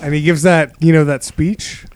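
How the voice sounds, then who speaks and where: High giggly man on a podcast. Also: flat delivery, normal speed, darkish tone, dry recording. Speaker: podcast co-host. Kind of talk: casual movie-review chat.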